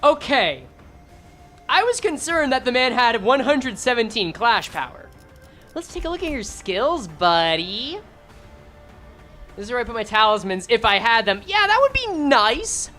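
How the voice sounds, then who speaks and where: Lively, sarcastic woman streamer. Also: a little high, normal speed, soft background music. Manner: sarcastic, joking, talks to chat. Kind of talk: live game commentary, reading skill text aloud.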